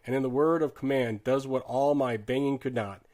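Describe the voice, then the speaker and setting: A man narrates a war novel as an audiobook in a voice of middling pitch. His reading is earnest and dramatic. He drops low for grim passages and rises for tense ones. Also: fairly quick, hardly any pauses. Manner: earnest, shifts loudness sharply with the drama. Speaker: audiobook reader.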